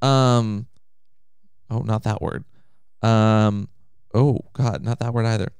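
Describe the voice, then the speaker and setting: A man's voice: fairly low pitch, fairly even intonation, slow, creaky, a little mellow, clean tone, no echo. A man co-hosting a podcast in casual chat, playful and teasing. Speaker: podcast co-host.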